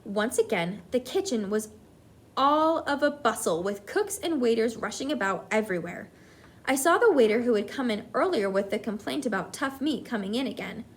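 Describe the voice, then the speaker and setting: A woman teacher reading a children's book aloud to her class, with expressive, animated delivery. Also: a little high, moderate pace.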